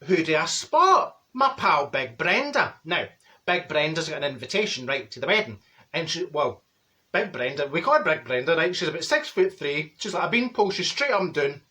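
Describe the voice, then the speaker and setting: A man's voice: fairly high pitch, sing-song, moderate pace, pushed and bright. A man playing a straight-talking, gossipy middle-aged Glasgow woman with a Glaswegian accent, telling a comic monologue. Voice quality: chatty, blunt, gossipy storytelling. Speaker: comedy character monologue.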